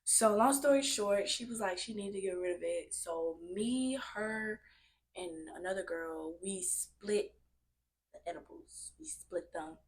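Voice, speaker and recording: A young woman telling a personal story to her viewers in a casual, animated way, often calling them y'all. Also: medium pitch, a little slow. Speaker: vlogger.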